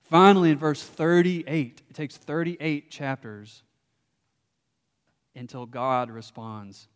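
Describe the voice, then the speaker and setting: A man's voice: mid-range voice, fairly even intonation, takes it slowly, clear, resonant tone. Impassioned male pastor in a reverberant hall. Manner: impassioned, rising to loud emphasis when voicing Job. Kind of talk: sermon.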